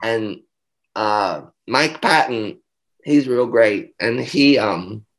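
Gravelly, animated male interview guest. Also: mid-range voice, very slow. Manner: animated, profane, laughing storyteller. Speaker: guest performer. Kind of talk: casual interview storytelling.

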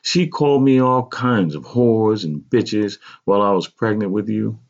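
A man's voice: on the low side, lively intonation, moderate pace, gravelly, muffled recording, voice pushed up. A man voicing a regretful mother who recounts a painful youth, speaking in a raised, strained voice. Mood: pained. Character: pained, regretful mother recalling a hard youth.

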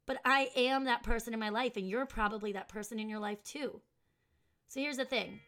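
A woman's voice: a little high, a little fast, a bit bright. A young adult woman hosting her podcast, talking casually in a rambling, self-mocking way and reading from an article she wrote. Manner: chatty, rambling, laughs at herself. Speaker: podcast host.

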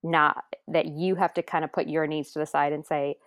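A woman's voice: low voice, fairly even intonation, normal speed, no echo, studio quality. A woman guest telling a personal story in an earnest, tender way, sometimes dropping to a near whisper. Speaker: adoptive mother guest.

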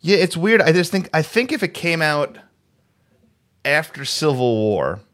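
A man's voice: a little high, sing-song, unhurried, fairly bright tone. A man co-hosting a casual podcast chat over a video call, rambling with many restarts. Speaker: podcast co-host.

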